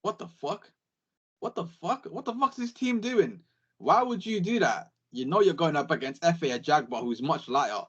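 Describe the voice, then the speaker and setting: A young man, talking boxing in a casual podcast chat, animated and full of swearing. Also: on the high side, normal speed, breathy edge, muffled recording. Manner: animated, sweary, repeats catchphrases. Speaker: podcast co-host.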